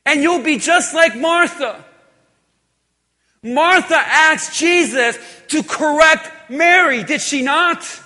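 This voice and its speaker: High, bright-voiced man preaching in a hall. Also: takes it slowly. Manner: emphatic preaching, repetitive phrasing, drops to quiet intensity. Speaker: pastor. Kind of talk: sermon. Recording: long hall reverb.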